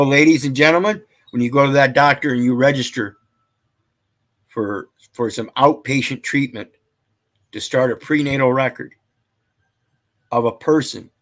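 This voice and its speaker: A man's voice: mid-range voice, fairly bright tone. A man lecturing casually, reading out statute numbers and scripture in a rambling, preachy way. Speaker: channel host.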